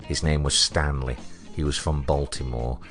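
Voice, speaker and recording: A man with a British accent narrating a comic story in a deadpan, wry way. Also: rumbling low, moderate pace, faint music behind.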